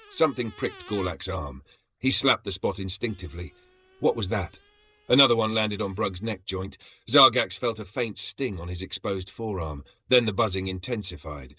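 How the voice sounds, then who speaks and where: Male storyteller, low-ish husky voice, dramatic scripted narration. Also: sharp tone.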